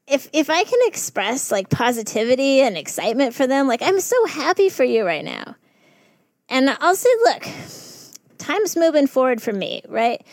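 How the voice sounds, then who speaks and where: A woman working in festival harm reduction, telling stories in a casual podcast chat, animated and laughing often. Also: high-pitched, dry recording, studio quality.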